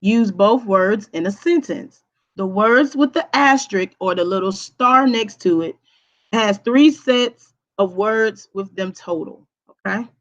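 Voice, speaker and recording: A woman's voice: mid-range voice, measured pace, lo-fi sound. A woman teacher walking students through a recorded grammar lesson, patiently checking understanding with frequent okays. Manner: hums to herself while typing on screen.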